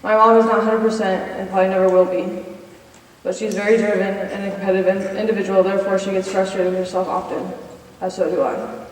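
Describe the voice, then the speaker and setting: A college senior, a woman in her twenties, moves at a quick pace in a level, mid-range voice as she earnestly reads her personal testimony from notes and cues slides in a chapel hall. The distant, echoey recording has slight background noise.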